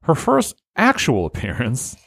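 A man hosts a casual comedy podcast, his pitch swinging freely as he jokes with his co-hosts. He stumbles through facts with many fillers. The sound is dry and close. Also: creaky, breathy edge, dry recording. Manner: animated, joking, halting with many fillers. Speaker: podcast host.

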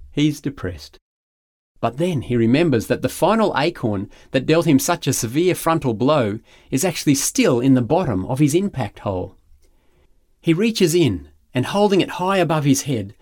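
A man preaching a sermon, telling a story with drama and reading scripture aloud, pausing for effect. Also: mid-range voice, dry recording, studio quality. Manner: expressive storytelling with dramatic pauses. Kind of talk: sermon mixing film recap and scripture reading.

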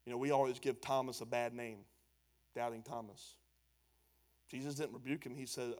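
A man's voice: medium pitch, normal speed, long pauses. A man preaching a sermon as pastor, emphatic and conversational. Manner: animated, loud and emphatic, then quieter and conversational.

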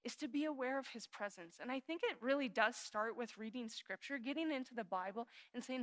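A woman pastor in her thirties preaching with a fairly high voice. She is earnest and confessional, sinking into hushed prayers and then rising into animated emphasis. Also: fairly quick, hardly any pauses. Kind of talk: sermon.

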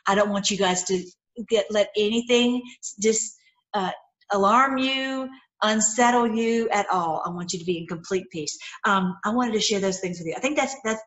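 A woman's voice: mid-range voice, fairly bright tone, reverberant. An older woman gives an informal Bible teaching, then leads a prayer. She speaks effusively, in a mid-range voice, and keeps asking her listeners rhetorical questions.

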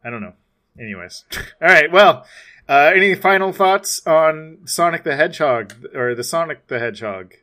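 A man co-hosting a podcast in loose, casual chat, chuckling often and filling pauses with ums. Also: on the high side, expressive, sharp tone. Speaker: podcast co-host.

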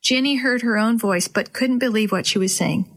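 A woman hosting a children's story program, reading aloud gently and expressively. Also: a little high, normal speed.

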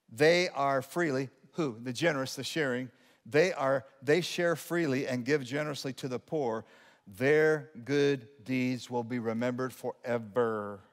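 Male pastor, sermon, fairly high voice, animated with loud peaks and soft asides, long church reverb. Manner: animated preaching, swinging from loud emphatic lines to quiet asides; humorous asides to the congregation. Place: church sanctuary.

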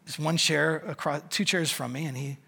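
A middle-aged man preaching through a personal story, with many fillers and dry self-mockery. His voice is gravelly and husky, pitched a touch high for a man. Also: normal speed, pushed and bright. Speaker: pastor. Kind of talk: sermon storytelling.

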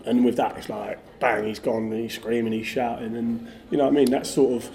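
A middle-aged podcast guest who used to play football tells lively, animated anecdotes in a casual way, with lots of fillers like "like." His voice is medium-pitched with vocal fry, and he talks fairly quickly.

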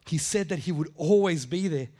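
A man's voice: fairly high pitch, normal speed, darkish tone. A middle-aged man preaching a conversational sermon, repeating phrases for emphasis and acting out the quotes he tells. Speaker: pastor.

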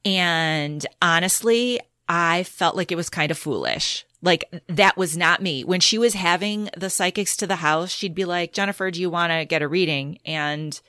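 A woman's voice: lowish voice, unhurried, hardly any pauses, no room sound, clean studio sound. Candid woman telling a personal story. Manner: candid storytelling, animated when quoting others. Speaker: podcast guest. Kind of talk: casual conversational interview.

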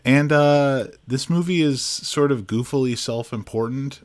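A man's voice: medium pitch, a little slow. A man co-hosting a film podcast, giving casual, opinionated reviews and laughing easily.

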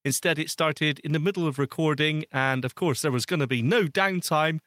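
A man's voice: fairly high pitch, brisk, fairly bright tone, dry recording, studio quality. A man co-hosting a podcast, ranting with exasperation and laughing often in casual chat. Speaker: podcast co-host.

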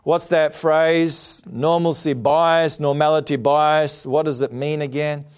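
A man's voice: a little high, little pitch movement, slow, smooth. A male preacher giving a televised sermon, earnest and emphatic, asking rhetorical questions. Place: TV studio.

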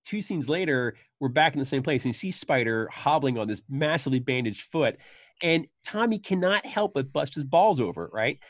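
A man hosting a laid-back podcast in a dry, close-miked sound, his voice sitting at an ordinary middle pitch. He talks casually and animatedly, jumping into high, excited impressions whenever he quotes a line. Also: moderate pace, dry recording. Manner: animated, acts out quoted lines with sudden high bursts. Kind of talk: casual chat about a film.

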